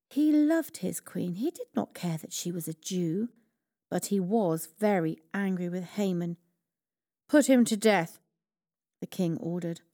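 A woman reading a children's Bible story aloud as storyteller, slow and expressive. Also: lowish voice, dry recording, studio quality.

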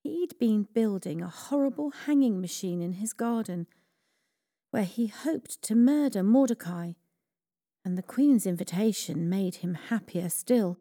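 A woman reading a children's Bible story aloud as storyteller, slow and expressive. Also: medium pitch, dry recording, studio quality.

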